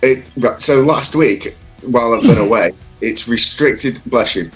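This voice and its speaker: A man's voice: medium pitch, a little slow, over music, low-quality recording. A man co-hosting a casual livestream chat, rambling through stories and greeting viewers.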